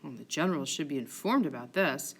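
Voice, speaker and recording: An earnest, concerned officer, read by a woman. The voice sits lower and speaks in a measured, serious way. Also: expressive, fairly bright tone, husky, exaggerated voice.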